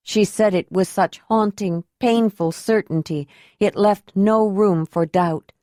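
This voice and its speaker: Slow, measured woman narrating an audiobook. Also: medium pitch, animated, mellow, dry recording, studio quality. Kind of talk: scripted narration.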